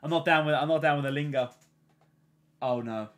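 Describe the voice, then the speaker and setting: A man's voice: fairly high pitch, brisk, a bit bright. A young English man streaming a video game, swearing and swinging between ranting and cheering as he talks to his chat. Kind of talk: live game commentary to chat.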